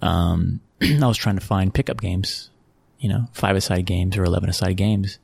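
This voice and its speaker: A man's voice: low-pitched, normal speed, vocal fry, darkish tone, breathy edge, no echo. An American man from Texas telling stories in a casual interview, rambling with restarts and frequent chuckles. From Texas, USA. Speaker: interview guest, football club executive.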